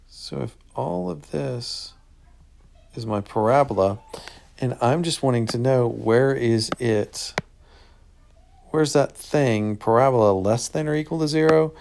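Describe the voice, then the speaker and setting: Man, math teacher, gravelly voice, casual upbeat answer-key walkthrough, faint hiss. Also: mid-range voice, measured pace. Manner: casual and upbeat, thinks out loud. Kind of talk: walking through an answer key.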